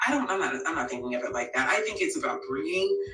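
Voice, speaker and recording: A woman's voice: low voice, expressive, fast, a bit bright. Earnest woman in an echoey room. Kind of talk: earnest direct-to-camera appeal. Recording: roomy, distant from the mic.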